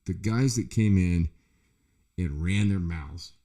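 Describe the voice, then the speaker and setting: A middle-aged man with a very low voice rambles through stories in casual chat. He swears constantly and loosely, the easy talk of a podcast host. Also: takes it slowly, dark tone. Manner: profane, rambling storyteller.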